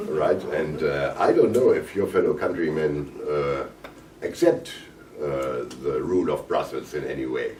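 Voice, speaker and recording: A man with a German accent, hoarse and coughing, speaking haltingly at a press conference with many fillers and restarts. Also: rumbling low, darkish tone, a little hiss or hum. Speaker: visiting parliamentarian at a press conference. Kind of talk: press conference remarks in English. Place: conference room. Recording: roomy, distant mic, faint ambience.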